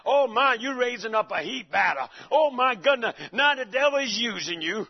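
A man's voice: very high-pitched, expressive, normal speed, hardly any pauses. A male preacher giving a folksy, joking sermon in a church and calling out to the congregation. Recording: dull lo-fi recording.

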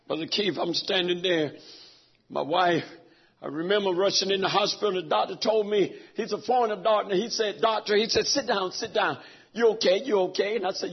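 A high-pitched, husky man preaching with raw feeling, his voice falling low and then breaking into shouts. The recording is dull and lo-fi, and he sounds middle-aged. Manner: emotional storytelling, swings from hushed to shouting. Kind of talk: sermon.

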